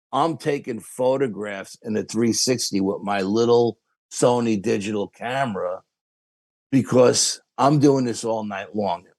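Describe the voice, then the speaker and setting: A man's voice: on the low side, vocal fry, darkish tone, no room sound. A man with a New York accent, a podcast guest telling a long story with quoted dialogue. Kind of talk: casual storytelling.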